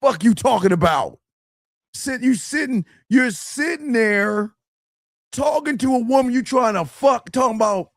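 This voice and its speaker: A brash male host with a fairly high voice talks in blunt, profane bursts and mocks his listener. The sound is close and dry. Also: expressive, unhurried, no echo. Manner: brash, profane, mocking, emphatic. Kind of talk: crude advice talk.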